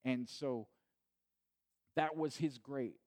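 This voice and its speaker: A male pastor giving a sermon from home, talking in a relaxed, conversational way with restarts and repeated phrases. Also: mid-range voice, slow. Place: at home during quarantine.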